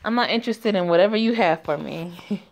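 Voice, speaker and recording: A woman's voice: fairly low pitch, brisk, gravelly. Irritated young woman, short replies, woman reading, story game. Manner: curt, irritated. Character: annoyed young woman on winter holiday.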